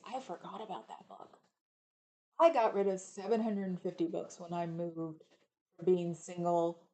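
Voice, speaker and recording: A woman's voice: mid-range voice, dark tone, poor audio. A middle-aged woman from California hosting a livestream, chatting casually and reading viewer comments aloud. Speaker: livestream host reading chat. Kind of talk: casual rambling chat.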